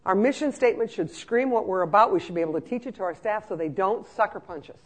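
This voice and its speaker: With a mid-range voice and a quick pace, a trainer keeps a talk to care-home staff lively and joking, acting out scenes as it goes.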